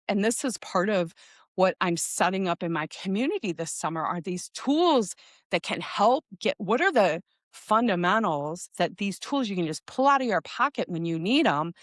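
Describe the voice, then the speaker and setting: Middle-aged woman host, low-ish voice, dry close mic; chatty with listeners, then soft and quiet while guiding tapping. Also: dry recording. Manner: chatty, addresses listeners as "you guys". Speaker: podcast host. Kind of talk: casual talk with guided EFT tapping.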